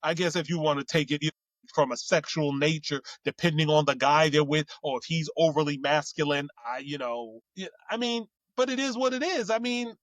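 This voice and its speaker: High voiced guy chatting, rambly, full of you knows, dry close mic. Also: fairly quick, fairly bright tone, no echo. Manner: rambling, with many fillers and restarts. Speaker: co-host. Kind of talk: casual chat.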